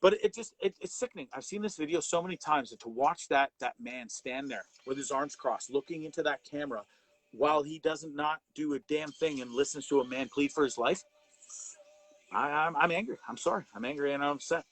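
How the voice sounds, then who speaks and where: A man's voice: a little high, fairly quick, a bit bright, no echo, low-quality recording. A man hosting a live show, delivering impassioned commentary in an angry, profane way, often repeating and restarting words. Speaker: host of a live wellness show.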